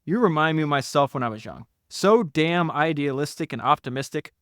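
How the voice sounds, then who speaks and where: A man's voice: a little high, lively intonation, a little fast, a bit bright, no room sound, studio quality. A man voicing a blunt, folksy older Texan businessman who swears casually.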